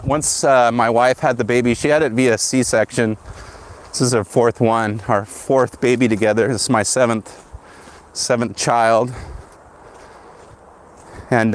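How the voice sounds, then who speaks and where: A man's voice: mid-range voice, a little hiss or hum. A man hosting his own show, ranting in a monologue and tagging his lines with "right?". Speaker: podcast host.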